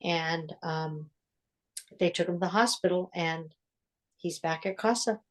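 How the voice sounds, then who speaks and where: Low-voiced older woman telling a story. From United States. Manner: earnest, with reflective pauses. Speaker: religious sister. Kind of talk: storytelling in an interview.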